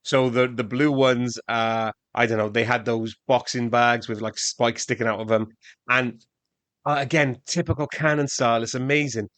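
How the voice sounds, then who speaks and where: A man co-hosting a podcast, chatting about a film in a relaxed, amused way with frequent fillers. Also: medium pitch, normal speed, no echo. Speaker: podcast co-host. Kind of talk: casual film-review chat.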